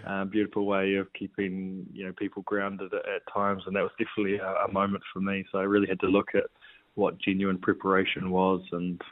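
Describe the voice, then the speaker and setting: A New Zealand man and former rugby player, chatting in a relaxed, rambling way as an interview guest. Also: low-pitched, a little fast. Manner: relaxed, rambling with fillers and restarts. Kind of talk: casual interview chat. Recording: tinny phone-like line.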